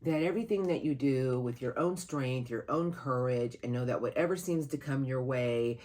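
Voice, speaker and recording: A tarot reader giving a monthly reading to camera, earnest and encouraging, who speaks aloud to spirit guides and breaks into sudden excited, louder bursts. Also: normal speed. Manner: animated, sudden jumps in pitch and loudness, laughs at the cards.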